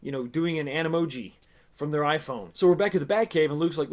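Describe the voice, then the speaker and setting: A man's voice: a little high, quick pace, a little mellow. A man casually reviewing a TV episode in a sarcastic, exasperated, rambling way. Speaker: TV show reviewer.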